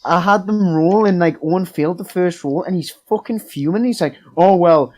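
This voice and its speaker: A young man with a high voice co-hosts a casual podcast, rambling fairly quickly about running a tabletop game as game master. He fills it with fillers and swearing, and the audio is poor.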